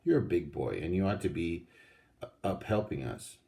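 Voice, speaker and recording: A man voicing a sensible, motherly older girl in a storybook reading; she speaks in a brisk, practical way. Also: low-pitched, animated, creaky, warm tone.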